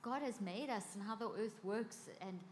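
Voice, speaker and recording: A woman's voice: mid-range voice, normal speed, a little mellow. Bubbly woman speaker in a big hall. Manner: bubbly, enthusiastic. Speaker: conference speaker, cognitive neuroscientist. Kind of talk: conference talk. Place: large conference hall with audience. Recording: long hall reverb, faint crowd noise.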